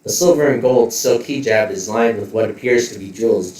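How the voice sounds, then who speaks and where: A man's voice: on the low side, normal speed, darkish tone, echoey room, distant mic, low-quality recording. A man narrating as game master of a tabletop role-playing game, describing scenes in detail and adding joking asides.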